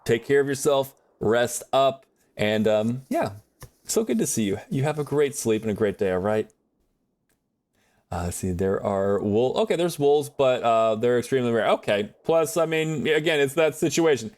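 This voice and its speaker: A man chatting casually on a live gaming stream, rambling and animated as he reads and answers chat from his viewers. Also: medium pitch, moderate pace. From United States.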